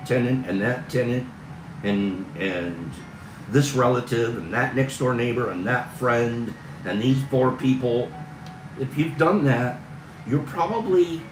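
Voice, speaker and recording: A man talks casually on a livestream, rambling and earnest, voice at an ordinary middle pitch. The room around him is echoey. Soft music plays low behind him. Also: far from the mic. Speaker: livestream host.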